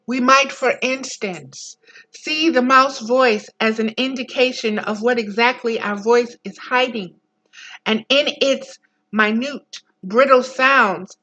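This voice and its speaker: Slow, bright-voiced woman reading aloud. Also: lo-fi sound. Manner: slow, deliberate reading, drifting into soft low asides. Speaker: spiritual teacher reading aloud. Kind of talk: reading a book aloud with personal commentary.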